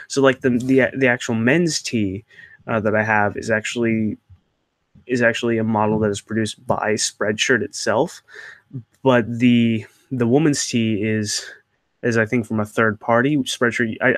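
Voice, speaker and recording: A man's voice: mid-range voice, steady tone, moderate pace, a bit bright, dry recording, studio quality. A young man hosting his channel, answering viewer questions in a rambling, hesitant way with many fillers and restarts. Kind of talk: casual Q&A chat.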